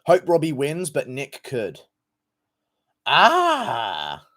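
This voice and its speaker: A man's voice: mid-range voice, animated, normal speed. A man hosting a casual livestream, thanking donors and giving loose, profane takes in a rambling, laid-back way. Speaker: livestream host reading donations.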